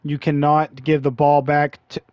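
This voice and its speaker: A man narrates his own football video game in a fairly high voice, audibly frustrated and sighing between plays. His voice is wearing thin from long talking. The recording is close and dry. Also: level tone, normal speed, a little mellow, dry recording. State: losing his voice. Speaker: gaming channel host. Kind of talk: live gameplay commentary.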